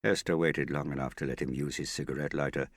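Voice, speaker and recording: A man reading a novel aloud as narrator, in a measured, even storytelling manner. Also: extremely low pitch, no room sound, clean studio sound. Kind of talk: audiobook narration.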